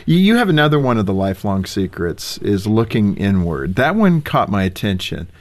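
A male host interviewing guests, relaxed with joking asides. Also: fairly low pitch, moderate pace. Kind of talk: interview questions.

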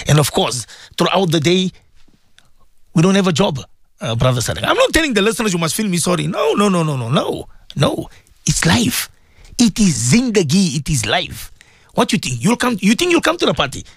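Man, radio host, exhorting and repetitive, lively swooping pitch, dry close mic. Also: creaky, no echo. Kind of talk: preaching on-air talk.

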